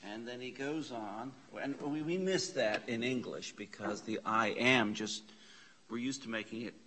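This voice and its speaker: A man leading a Bible study class, slowly sounding out Greek words, repeating them and questioning his students. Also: medium pitch, roomy sound. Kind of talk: slow, explanatory Greek lesson. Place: church classroom.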